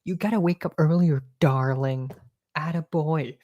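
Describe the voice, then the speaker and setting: A man's voice: fairly high pitch, unhurried, a little mellow, lightly acted. A young man mimicking a condescending older Texan landlady in a mocking, sing-song voice.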